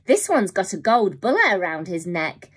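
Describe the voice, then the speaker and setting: A woman voicing a rough, menacing female robber who sneers and threatens. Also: mid-range voice, sing-song, normal speed, fairly bright tone.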